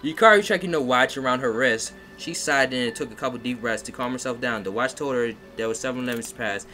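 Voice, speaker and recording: A man's voice: medium pitch, a little fast, bright, forceful tone, low-quality recording. Man reading fanfiction aloud over music. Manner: mocking, breaks off to comment and laugh. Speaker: fanfiction reader. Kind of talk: comedic live-stream fanfiction reading. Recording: music playing behind.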